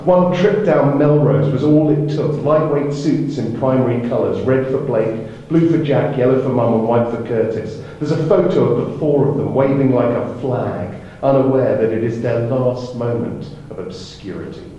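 A man's voice: medium pitch, dark tone, dull audio. Man reading aloud in a roomy hall. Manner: reads a passage, then sings his song. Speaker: author and songwriter guest. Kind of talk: reading from his book on stage.

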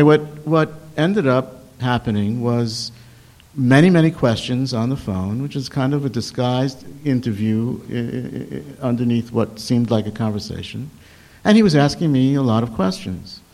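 Older male storyteller, animated and self-deprecating, with frequent false starts. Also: medium pitch. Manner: animated, self-mocking, halting restarts. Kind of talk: personal anecdote told to an audience.

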